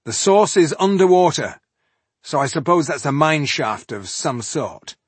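A man's voice: on the high side, big pitch swings, a little slow, husky, dry recording, voice pushed up, heavily acted. A man playing a decisive dwarf scholar. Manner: matter-of-fact, decisive. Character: calm male dwarf scholar leading the group.

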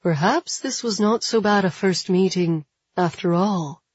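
A woman narrating an audiobook, voicing a gallant young man who speaks gently and formally, with a husky tone. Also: on the low side, unhurried, no room sound, dull audio. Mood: gentle. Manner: gentle, intimate.

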